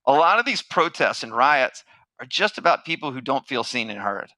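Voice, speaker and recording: Bright, animated man telling a story. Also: mid-range voice, moderate pace, no room sound, low-quality recording. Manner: animated storyteller, acts out quoted voices. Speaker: marketing speaker. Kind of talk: motivational keynote storytelling.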